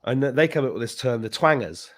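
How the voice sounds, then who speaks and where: A fast-talking man with a medium-pitched voice hosts a podcast in a casual, animated way. As he tells his story, he imitates the voices of the people in it.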